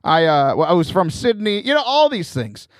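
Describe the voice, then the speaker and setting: Lively high-pitched male podcast host. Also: moderate pace, dry recording, studio quality. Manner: animated storyteller, laughs often. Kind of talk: casual chat.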